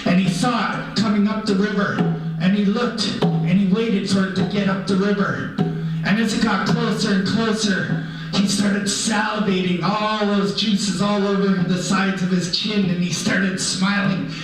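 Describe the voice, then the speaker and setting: A man's voice: high voice, steady tone, a little slow. A man playing a cheerful animal-person storyteller, telling tales in a playful, humorous way. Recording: echoey hall from far off.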